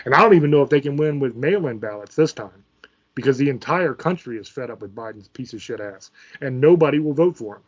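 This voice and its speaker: A man's voice: medium pitch, animated, fast talker, muffled recording. A man from Virginia, hosting his channel in an angry, profane political rant. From Virginia, USA. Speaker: channel host. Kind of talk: ranting political commentary.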